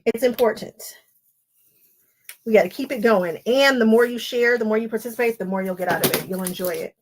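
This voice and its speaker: A woman's voice: on the high side, fairly quick, a little hiss or hum. A woman hosting a live paper-piecing stream, chatting casually and going off on tangents while she talks to viewers by name. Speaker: quilting livestream host. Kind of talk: casual live crafting chat.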